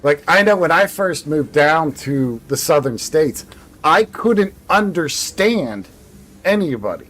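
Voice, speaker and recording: A man's voice: fairly high pitch, animated, measured pace, fairly bright tone. A man casually chatting and rambling while livestreaming a video game, laughing now and then. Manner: rambling, easygoing, laughs often. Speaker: game streamer.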